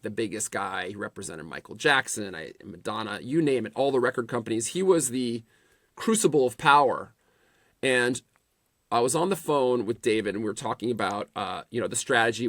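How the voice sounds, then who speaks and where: A middle-aged man spins animated stories as a podcast guest, doubling back and restarting his phrases as he goes. His voice sits in a middle range and is recorded close and dry, with no room sound. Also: mid-range voice, no room sound. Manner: animated anecdotes with repeated restarts. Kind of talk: casual storytelling interview.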